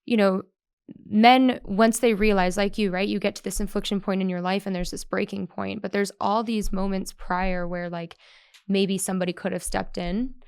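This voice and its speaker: A woman co-hosts a podcast interview and asks long, thoughtful questions. Her voice is smooth with some gravel in it. The sound is dry and close. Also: medium pitch, little pitch movement, normal speed, a little mellow, no room sound. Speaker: podcast co-host. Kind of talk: conversational interview.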